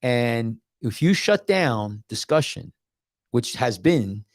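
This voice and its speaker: A man's voice: mid-range voice, slow, no room sound, clean studio sound. A man hosting a casual podcast as a doctor, rambling and restarting his words as he talks. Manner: tells stories with animated quoted voices.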